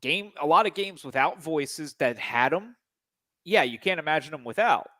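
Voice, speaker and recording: A man's voice: on the high side, expressive, moderate pace, sharp tone. A man co-hosting a podcast, explaining his points in casual, opinionated chat.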